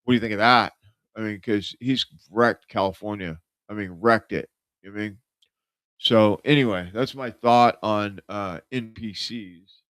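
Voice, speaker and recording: A man's voice: fairly low pitch, moderate pace, a bit bright, clean tone, no echo. A man hosting a live show, rambling conversationally about everyday worries. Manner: rambling, conversational, with frequent fillers. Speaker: host. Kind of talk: casual live-show monologue.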